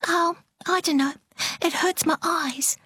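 A woman's voice: sits high, big pitch swings, unhurried, a bit bright, dry recording, voice pushed up, full character voice. A woman voicing a self-conscious teenage girl who snaps back with curt, cross retorts. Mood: snappy.

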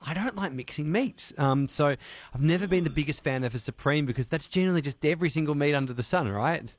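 Chatty Australian radio host, dry studio sound. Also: male voice, a little high, fast talker, no room sound. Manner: friendly, chatty, hesitant restarts. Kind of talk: casual on-air chat. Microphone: studio microphone.

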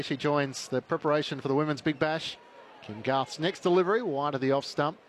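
A man giving steady, informative ball-by-ball cricket commentary. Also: medium pitch, slight background noise.

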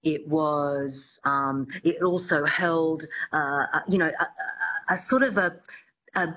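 Casting note: accent coach guest, woman, somewhat low voice, talky explaining with restarts. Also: slow, fairly bright tone, a little hiss or hum, rough recording. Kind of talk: radio interview.

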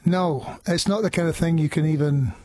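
A man's voice: fairly high pitch, normal speed, darkish tone, dry recording. A Scottish man in his sixties, a musician guest chatting in a radio studio, rambling with many fillers and restarts. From Scotland. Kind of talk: casual interview chat.

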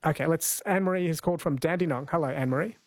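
A man's voice: on the high side, very fast, dry recording. A man hosting a late-night radio quiz in a friendly, chatty way, laughing easily.

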